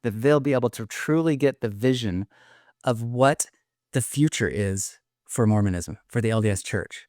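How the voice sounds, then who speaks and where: Earnest male guest, mid pitch, rambling testimony full of restarts, emotional, dry close mic. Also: moderate pace, a little mellow, no room sound. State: choked up with emotion. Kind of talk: emotional testimony in casual conversation.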